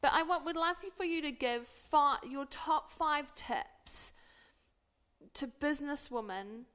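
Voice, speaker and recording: A woman's voice: high-pitched, takes it slowly, fairly bright tone. A woman co-hosting a casual talk show, prompting her guest with short encouraging remarks. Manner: encouraging, brief interjections. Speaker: co-host.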